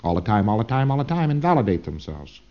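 A man's voice: fairly low pitch, big pitch swings, fast. A man giving an informal recorded lecture in a rambling way, often tagging his points with "see?", on a dull old lo-fi tape.

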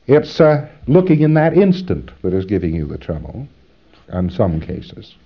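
A man's voice: lowish voice, big pitch swings, a little slow, husky, highs cut off. A man giving an instructional lecture, rambling and emphatic, acting out drills as he explains.

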